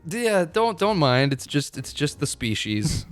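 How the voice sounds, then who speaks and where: A man co-hosting a casual movie review podcast. He talks loosely and animatedly and swears in passing. His delivery is relaxed and conversational. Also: a little high, measured pace, soft background music. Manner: animated, swears casually, acts out quoted lines. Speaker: podcast co-host.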